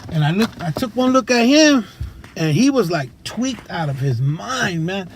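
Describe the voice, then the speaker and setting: Casting: a man with a fairly high voice, loose slangy storyteller, recorded on a tablet outdoors with loud traffic behind him. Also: very animated, unhurried. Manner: casual, slangy and profane, with many fillers. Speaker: recovering addict telling his story. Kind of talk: unscripted personal storytelling. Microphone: tablet camera mic. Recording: noisy street and traffic sound.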